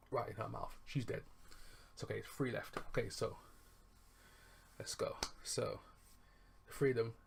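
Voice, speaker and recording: A man's voice: medium pitch, vocal fry, husky. A man casually retelling a film's plot as a reviewer, rambling, chuckling and correcting himself as he goes. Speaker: movie reviewer.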